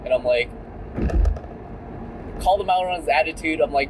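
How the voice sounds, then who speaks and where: A young man with a slightly high voice tells a story in a loose, chatty way, peppered with fillers. He is recording himself in his car as he drives. Faint road noise hums behind him. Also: normal speed. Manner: chatty and candid, many fillers like "like" and "right?". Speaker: vlogger. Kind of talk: casual storytelling vlog. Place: in a car while driving.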